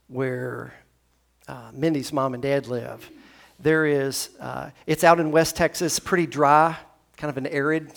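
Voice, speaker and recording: A man from Tennessee preaching a sermon in a church, talking conversationally and acting out the scripture dialogue. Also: vocal fry. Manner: conversational, dramatizes scripture dialogue with shifting pitch and loudness. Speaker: pastor. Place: church sanctuary.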